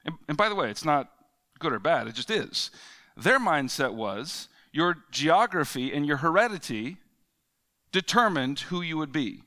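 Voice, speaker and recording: A man's voice: fairly high pitch, big pitch swings, normal speed, bright, forceful tone. A man preaching a conversational sermon, reading scripture and explaining it with casual fillers and restarts. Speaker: pastor.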